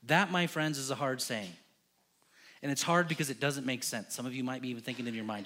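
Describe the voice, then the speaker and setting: A pastor preaching a sermon in a church, impassioned, with emphatic repeated lists, swinging from hushed to loud. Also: male voice, mid-range voice, brisk, a little hiss or hum.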